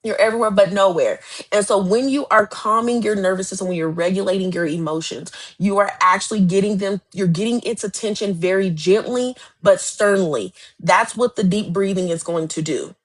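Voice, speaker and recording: A woman's voice: mid-range voice, normal speed, hardly any pauses. A woman life coach giving a live motivational talk, speaking emphatically and directly with lots of repetition.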